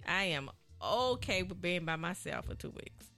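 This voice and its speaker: A woman's voice: on the low side, lively intonation, normal speed, pushed and bright, faint music behind. A woman hosting a talk radio show, chatting casually and animatedly, often repeating herself.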